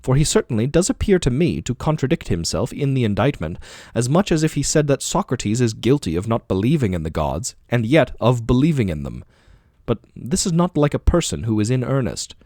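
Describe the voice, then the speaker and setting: For an audiobook dialogue reading, a man voices an aging male philosopher defending himself in court, using probing, rhetorical questions. His medium-pitched, dark-toned delivery is very animated and brisk, recorded at studio quality with no echo.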